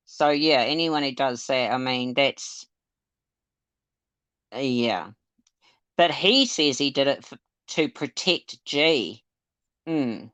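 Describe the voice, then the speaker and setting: A woman's voice: very deep voice, slow pace, long pauses, a bit bright, no echo. A woman hosting a casual live stream, talking hesitantly with lots of fillers. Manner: chatty, hesitant, full of fillers and laughs. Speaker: livestream host.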